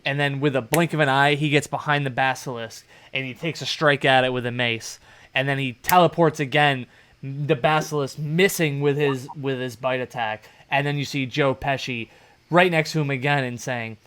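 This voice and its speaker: A man playing a tabletop game, calmly narrating his character's actions. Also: medium pitch, normal speed, a little hiss or hum.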